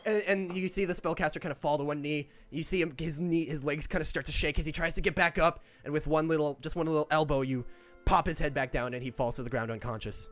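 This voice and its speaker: Man running a tabletop game, slightly high. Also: quick pace, faint music behind. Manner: lively narration with casual swearing. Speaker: game master.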